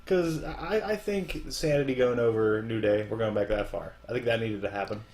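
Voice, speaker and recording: A man's voice: medium pitch, normal speed, a little mellow. A man co-hosting a casual podcast, talking in a wry, self-deprecating, rambling way. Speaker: podcast co-host. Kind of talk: casual chat.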